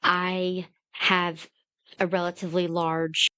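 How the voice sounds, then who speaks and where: Earnest woman with a low voice. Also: level tone, takes it slowly, sharp tone, clean tone, no echo. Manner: earnest, heartfelt, storytelling. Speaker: guest, independent creator. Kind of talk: candid interview conversation.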